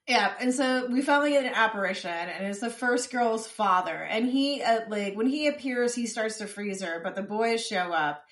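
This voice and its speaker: Woman podcaster, a bit high voiced, chatty and laughing, roomy echo on her mic. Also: normal speed, hardly any pauses, fairly bright tone. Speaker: podcast co-host. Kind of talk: casual recap chat.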